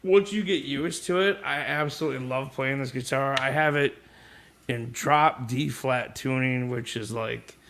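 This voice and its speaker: A man's voice: mid-range voice, measured pace, fairly bright tone, a little hiss or hum. A man casually rambling about his guitars and pickups on a live stream, with easygoing talk and the odd swear word.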